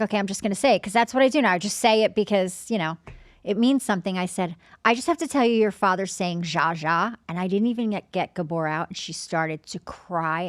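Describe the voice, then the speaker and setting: A woman working as a medium, chatting and telling stories in a podcast, animated and acting out her own inner dialogue. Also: medium pitch, no echo, studio quality. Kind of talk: casual storytelling chat.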